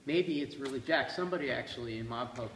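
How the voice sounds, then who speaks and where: A man leading a classroom poetry discussion, quizzing students with a lively, playful manner. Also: medium pitch, fast. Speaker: seminar leader. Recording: echoey room from a distance, faint hiss.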